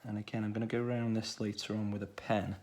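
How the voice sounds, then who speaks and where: A man with a Stoke-on-Trent accent, talking through a children's drawing tutorial in a relaxed way, thinking aloud as he draws. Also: fairly low pitch, fast, a little hiss or hum. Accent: Stoke-on-Trent English. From England. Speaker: art tutor.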